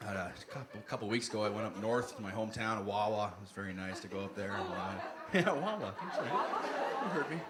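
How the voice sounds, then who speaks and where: Animated man doing stand-up. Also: fairly low pitch, fast, very noisy. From Canada. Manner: animated, shouting punchlines in put-on voices. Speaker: stand-up comedian. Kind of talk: stand-up comedy set. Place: comedy club stage. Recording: live club recording with loud crowd laughter.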